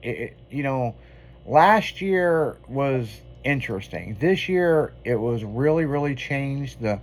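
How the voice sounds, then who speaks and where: A male radio host spinning a rambling, profane story in casual banter. His voice sits in an ordinary middle pitch and he talks loosely, acting out bits of the tale as he goes. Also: lively intonation, slow pace, a little hiss or hum.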